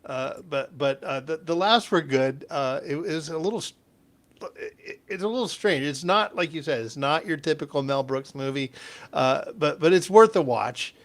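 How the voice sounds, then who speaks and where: A man co-hosting a casual podcast, reviewing a movie in a halting way and often repeating words. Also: on the high side. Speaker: podcast co-host.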